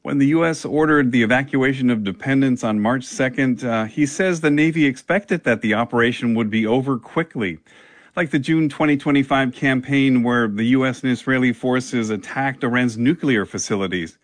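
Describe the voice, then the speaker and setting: Male field reporter, measured and plain, dry close mic. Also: medium pitch, no room sound. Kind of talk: news reporting.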